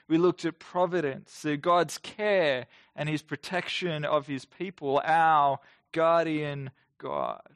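A pastor in his thirties preaches a livestreamed sermon from a near-empty room during lockdown, speaking earnestly and conversationally with many questions to the listener. His voice is a little high, and the sound is clean studio quality with no echo.

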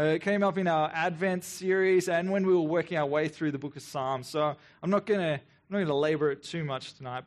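A man in his thirties preaching a sermon in an earnest, reflective way. He often repeats himself and adds quick sarcastic asides. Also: on the high side. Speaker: pastor.

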